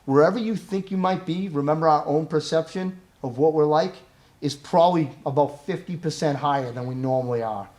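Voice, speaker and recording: A man's voice: a little high, brisk, darkish tone. A man giving a live training talk on crisis intervention, asking the audience questions and tagging his points with "right?".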